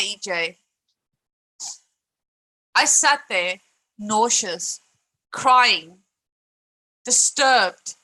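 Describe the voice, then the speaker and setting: A woman's voice: mid-range voice, expressive, very slow, pauses often, bright, forceful tone, low-quality recording. A young woman streaming live, ranting in a frustrated, emphatic way, swearing and repeating her points while greeting chat.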